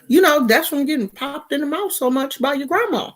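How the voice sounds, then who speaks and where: A woman's voice: sits high, expressive, fairly quick. A woman from California giving casual gossip commentary in a slangy, mocking, rambling way. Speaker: vlogger.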